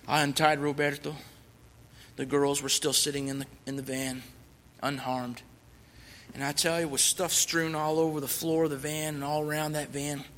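A man's voice: a little high, vocal fry, fairly bright tone. Earnest man telling a testimony in church. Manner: earnest, emphatic storytelling. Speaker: missionary guest speaker. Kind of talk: sermon testimony. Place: church sanctuary. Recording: long church reverb.

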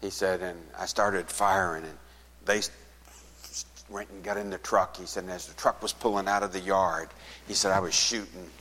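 A man's voice: deep voice, steady tone, normal speed, big-room sound. A man preaching as a pastor, retelling a conversation and acting out both speakers, dropping to a near whisper at the saddest parts. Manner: retells a conversation, acting out both sides, softening to a hush at sad moments. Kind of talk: sermon storytelling.

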